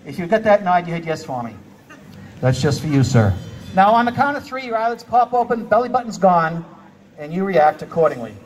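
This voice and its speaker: A man with a fairly high, darkish voice performs as a stage hypnotist, heard as distant live sound from a theater stage with slight background noise. His live show patter is full of playful commands to volunteers, and he laughs often.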